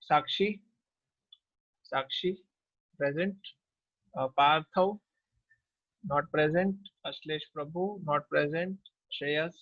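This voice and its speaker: Brisk Indian teacher calling the roll. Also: male voice, fairly high pitch, no echo, lo-fi sound. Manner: brisk, mixes English and Hindi. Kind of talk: taking class attendance.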